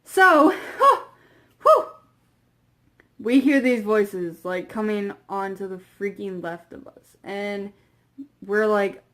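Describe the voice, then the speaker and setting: Slow-talking young woman rambling through a story. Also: mid-range voice, expressive. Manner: rambling, filler-heavy, trails off into quiet asides. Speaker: vlogger. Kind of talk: casual storytelling to camera.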